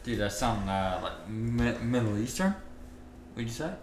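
A man's voice: lowish voice, moderate pace, very echoey, far from the mic. A man who is a guest on a casual podcast, chiming in with short, teasing remarks. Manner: teasing interjections.

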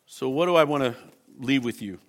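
A man's voice: medium pitch, fairly quick. A man preaching a sermon as pastor, impassioned and emphatic, reading scripture and pressing his points.

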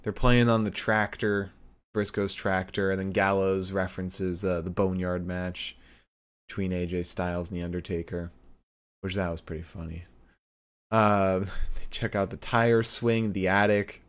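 A man's voice: deep voice, little pitch movement, a little slow, smooth. A man co-hosting a podcast, recapping a show in rambling casual chat with lots of fillers and laughs. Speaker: podcast co-host.

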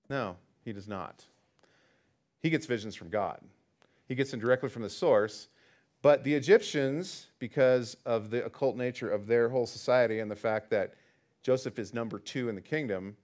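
Guy doing a bible study, mid-pitched voice, reads the verses then just talks them through real casual. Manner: conversational, reads scripture then explains it with asides. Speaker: Bible teacher.

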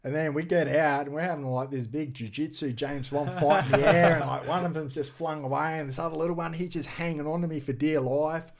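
A man, a podcast guest and extreme sports athlete, telling a story in a casual, animated way, acting out quoted voices and swearing freely. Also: on the high side, a little fast, few pauses, a crowd in the background.

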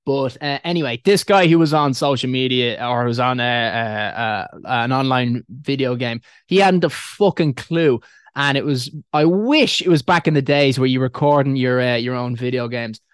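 A man's voice: mid-range voice, moderate pace, clean tone, no echo, studio quality. A man with an Irish accent in casual chat, rambling with many fillers and restarts and swearing freely.

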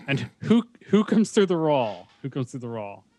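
A man's voice: mid-range voice, big pitch swings, moderate pace, a little mellow. A man co-hosting a casual movie recap, retelling scenes laid-back and quoting characters in put-on accents. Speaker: podcast co-host.

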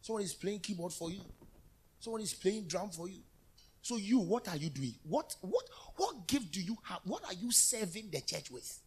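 A man preaching a lively call-and-response sermon in a church. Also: high-pitched, fairly quick, husky. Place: church hall.

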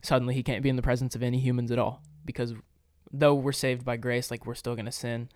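Earnest man explaining scripture, smooth voice. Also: mid-range voice, little pitch movement, fast, darkish tone, dry recording, clean studio sound. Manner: earnest, explanatory, with frequent fillers. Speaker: podcast co-host. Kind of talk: casual Bible discussion.

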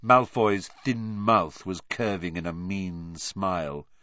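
Low-voiced man reading an audiobook. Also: slow pace, sharp tone, no room sound, highs cut off. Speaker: audiobook narrator.

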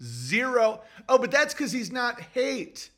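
A man hosts a podcast with a slightly high voice, lively intonation, and a sharp tone, speaking at an unhurried pace. His commentary monologue rambles, full of profanity, agitation, restarts, and mock voices.

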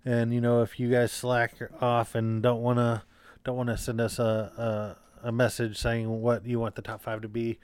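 Smooth-voiced joking podcast co-host man. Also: mid-range voice, completely flat delivery, moderate pace, darkish tone, dry recording. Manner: joking, rambling with fillers and restarts. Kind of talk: casual podcast banter.

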